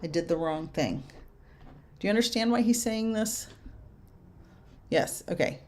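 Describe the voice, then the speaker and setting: A young adult woman medium giving spirit messages to viewers in a casual live chat, halting and soft-spoken. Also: lowish voice, expressive. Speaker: medium answering viewer questions.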